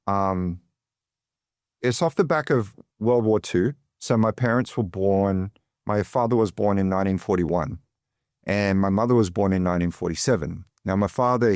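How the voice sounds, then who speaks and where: A man's voice: fairly low pitch, a little mellow, no room sound, studio quality. A man with an Australian accent telling his life story as an interview guest, chatty and digressive with lots of fillers. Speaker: guest, financial advisor.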